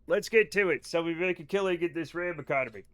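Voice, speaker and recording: A man's voice: a little high, fast, clean tone. A man streaming a game live, chatting casually with viewers in a rambling, profane, joking way. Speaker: livestream gamer. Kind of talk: casual live-stream chat while playing.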